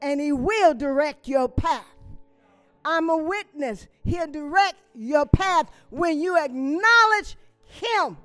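A woman's voice: high-pitched, lively intonation, slow pace, a bit bright, faint music behind. A woman preaching a sermon with emphatic repetition, stressing key words and adding frequent amens and hallelujahs.

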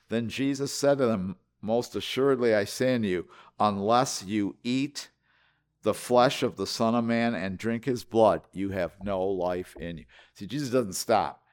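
A pastor preaching a sermon, emphatic, stretching key words and dropping suddenly quiet, often repeating himself as he restarts. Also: lowish voice, measured pace, smooth.

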